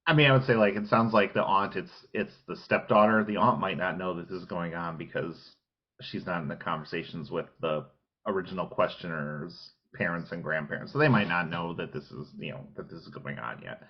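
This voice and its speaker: A podcast co-host in casual chat, blunt and outspoken. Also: male voice, sits low, brisk, husky. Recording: dull lo-fi sound.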